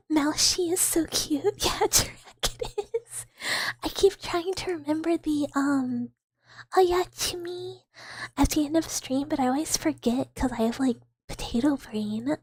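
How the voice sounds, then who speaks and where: A woman hosting a live ASMR stream, chatting playfully with viewers, giggling often and drifting between soft talk and whispers into a close microphone. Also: sits high, measured pace, dry recording.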